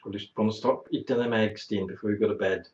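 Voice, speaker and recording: Bloke telling a rude funny story, roomy muffled sound. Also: male voice, fairly low pitch, steady tone, quick pace, darkish tone. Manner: blunt, exaggerating, bawdy storyteller. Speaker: talk show host. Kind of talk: comic anecdote on a live talk show.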